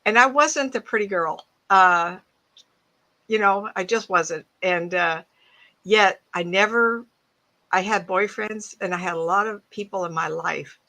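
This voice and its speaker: A woman psychic with a bright, forward voice talks to an online audience in a loose, anecdotal way. She laughs easily and speaks through earbuds from her home. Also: mid-range voice, a little slow. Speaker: psychic medium guest speaker. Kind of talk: casual talk to an online audience. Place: home, mid-move.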